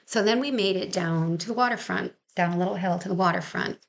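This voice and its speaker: A woman's voice: on the low side, fast, vocal fry. A woman dog trainer telling a story in a casual, chatty way, laughing now and then. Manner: chatty, laughs often, acts out quotes. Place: Maine.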